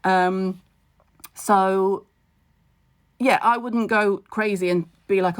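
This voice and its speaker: A woman in her forties, a skincare expert, talking casually on a live stream from home, blunt and wry with quick asides and jokes. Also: mid-range voice, steady tone, clean tone.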